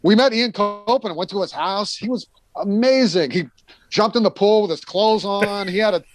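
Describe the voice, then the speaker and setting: A man's voice: sits high, moderate pace. A middle-aged American man telling rambling tour stories in a casual chat, full of fillers and restarts, sometimes acting out the people he quotes.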